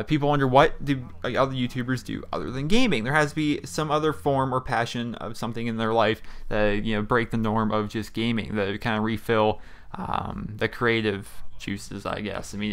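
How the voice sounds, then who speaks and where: With a lowish, smooth voice that is a bit bright, a young Pennsylvania man chats over his gameplay for YouTube from a small room at home. He rambles loosely, often using fillers and restarting.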